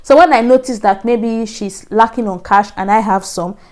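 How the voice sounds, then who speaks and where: A woman's voice: fairly high pitch, moderate pace, a little mellow. A young woman telling a personal story to camera in a chatty, repetitive way. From Nigeria. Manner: chatty, repetitive, laughing asides. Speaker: vlogger.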